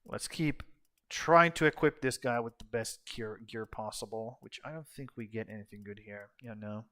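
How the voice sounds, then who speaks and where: A man's voice: on the low side, moderate pace. A young man giving laid-back, casual commentary on his gameplay, cursing now and then and trailing off mid-sentence. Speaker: gaming channel host. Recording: steady background noise.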